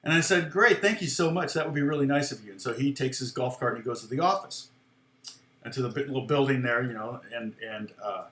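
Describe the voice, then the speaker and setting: A man's voice: mid-range voice, fairly bright tone. Rambling middle-aged man in an echoey room. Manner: rambling, chuckling, many restarts. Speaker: guitar teacher on a live stream. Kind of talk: casual storytelling chat.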